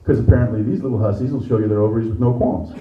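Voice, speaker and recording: A middle-aged man performing a stand-up comedy set, animated and teasing the crowd, on a stage microphone. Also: mid-range voice, rapid-fire, lo-fi sound. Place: comedy venue with live audience. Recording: echoey room, mic far off.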